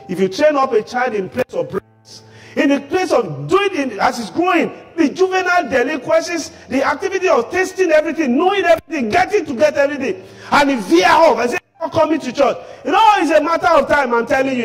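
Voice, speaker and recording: A man who grew up in Africa, preaching as a pastor in a very high, lively voice. He swings between quiet asides and sudden shouted points, with the sound ringing through a reverberant church hall and soft music underneath. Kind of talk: sermon.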